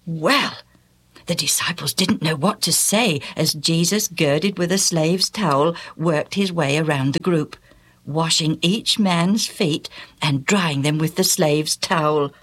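A woman narrating a storybook tale in an animated, exclamatory way, often asking the listener questions. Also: low voice, slow pace, slightly rough.

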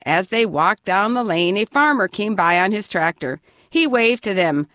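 Woman storyteller, children's book, animated pitch, dry close read. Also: normal speed, few pauses, no echo. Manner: expressive, lively reading.

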